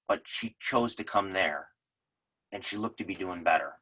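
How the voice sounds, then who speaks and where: Deep-voiced man telling earnest stories. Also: bright, forceful tone, rough recording. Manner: earnest, storytelling with many fillers and restarts. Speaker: lodge presenter. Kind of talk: unscripted presentation talk.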